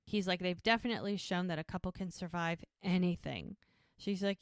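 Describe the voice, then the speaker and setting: A woman's voice: on the low side, moderate pace, no room sound, clean studio sound. A woman co-hosting a podcast, retelling a TV episode scene by scene and quoting the characters with lots of "he's like" and "she goes". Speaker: podcast co-host recapping a TV episode. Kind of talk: casual storytelling recap.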